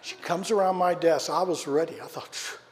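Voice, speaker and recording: A man delivers a sermon in a church, his voice sitting a little high for a man. He tells a personal story with animated shifts from loud to hushed. A long reverb from the hall trails each phrase. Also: moderate pace, a little hiss or hum. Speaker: preacher. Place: church sanctuary.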